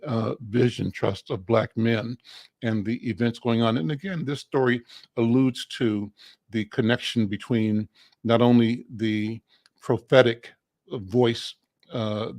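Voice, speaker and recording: A man hosting a community interview, speaking slowly and haltingly with many filler sounds. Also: mid-range voice, darkish tone, no echo. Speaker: interview host.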